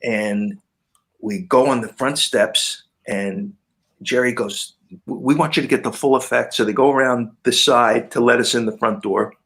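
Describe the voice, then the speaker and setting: A man's voice: mid-range voice, moderate pace. An older man, a guitarist guest, telling anecdotes in a casual interview and acting out the people he quotes. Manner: animated anecdote-telling, quoting people in lively voices.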